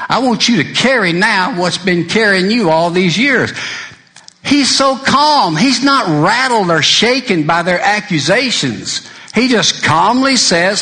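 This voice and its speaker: A male preacher delivering a sermon, shifting between loud emphasis and quiet intensity and quoting scripture in old-fashioned wording. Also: sits high, sing-song, moderate pace.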